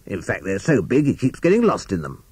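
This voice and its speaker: A man's voice: on the low side, huge pitch swings, brisk, a little mellow, breathy edge, no room sound, full character voice. A man voicing a scruffy male rat in a storybook, in a dry, grumbling way. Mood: complaining. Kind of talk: storybook character voice.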